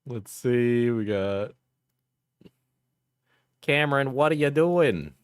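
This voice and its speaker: Slow-talking man joking on a livestream. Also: medium pitch, expressive, smooth, dry recording, studio quality. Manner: joking, laughs often, talks to chat. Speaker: streamer. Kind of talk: casual livestream reaction commentary.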